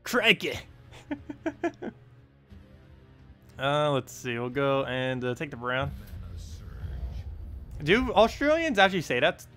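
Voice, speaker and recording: Bright-voiced New Jersey man rambling. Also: medium pitch, expressive, measured pace, pauses often, smooth, faint music behind. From United States. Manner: rambling, many ums and uhs, chuckles at himself. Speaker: game streamer. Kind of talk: casual live gameplay commentary.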